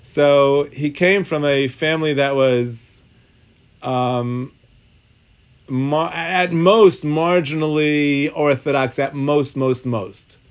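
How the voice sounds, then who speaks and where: A man's voice: on the high side, steady tone, slow pace, clear, resonant tone. A man teaching a Talmud and halacha class in a synagogue study hall, thinking aloud, often restarting sentences and mixing Hebrew terms into his English.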